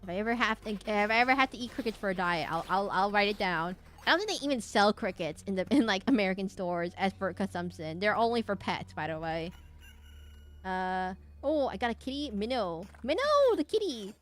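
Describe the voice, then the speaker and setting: A woman's voice: medium pitch, brisk. A young woman streaming a game and chatting casually, rambling off on tangents with lots of fillers and restarts. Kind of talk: casual gameplay stream chat.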